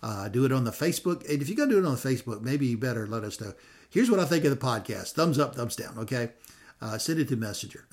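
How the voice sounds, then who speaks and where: A man's voice: medium pitch, very animated, quick pace. A man hosting a ministry podcast, talking in a folksy, rambling way with frequent fillers and self-corrections. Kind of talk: casual podcast sign-off.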